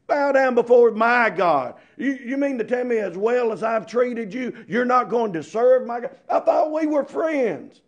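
A man doing a high, indignant old king. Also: expressive, a little slow, hardly any pauses, highs cut off, full character voice. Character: proud, offended ancient male king.

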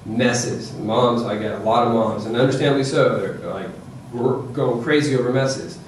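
A man giving a lively, joking parenting talk to an audience, often checking in with "okay?" and "right?". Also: mid-range voice, normal speed, recorded from a distance, slight background noise. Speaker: presenter to parents. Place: presentation room with audience. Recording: echoey room, voice from afar.

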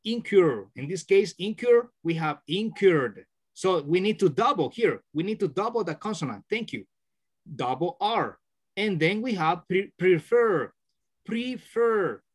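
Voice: medium pitch, expressive, measured pace, breathy edge. A teacher leading an online class over a video call, patiently repeating words to correct and stress them.

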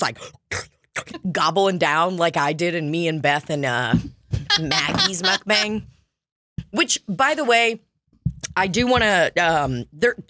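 A woman's voice: fairly low pitch, fairly bright tone, dry recording, clean studio sound. A young woman hosting a podcast, chatting casually in a rambling, profane and jokey way. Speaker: podcast host. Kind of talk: casual chat.

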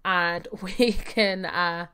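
A woman's voice: on the low side, fairly even intonation, very slow, pushed and bright, clean tone. A young adult woman giving chatty live gameplay commentary, thinking aloud with fillers and laughing often. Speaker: game streamer.

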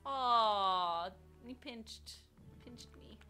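A woman co-hosting a casual let's play, excitable, squealing and making silly beep noises as she plays. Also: medium pitch, moderate pace, soft background music. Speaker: gameplay co-host.

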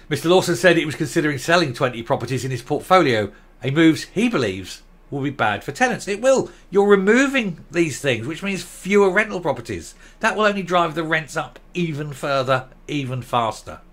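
A man's voice: on the high side, big pitch swings, a little fast, fairly bright tone. A man giving ranting commentary, blunt, sarcastic and combative.

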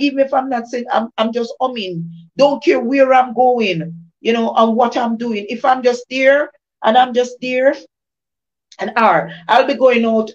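Here a devotional speaker, a woman with a voice on the high side and a darkish tone, shares an informal testimony, repeating phrases with an emphatic, preacher-like rhythm. It's captured in a dull lo-fi recording.

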